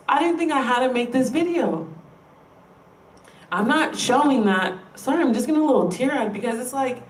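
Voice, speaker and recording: A woman's voice: high-pitched, lively intonation, normal speed. A woman vlogger speaking straight to her viewers in an emphatic, frustrated rant, swearing freely as she makes her point. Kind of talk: direct-to-camera rant. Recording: roomy sound, distant from the mic.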